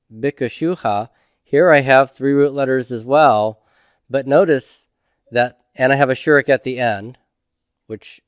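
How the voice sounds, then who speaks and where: Middle-aged man, patient classroom lecturer, unhurried, dry recording. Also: mid-range voice, clear, resonant tone, no echo. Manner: slow, methodical, checks in with "okay?". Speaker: Hebrew instructor.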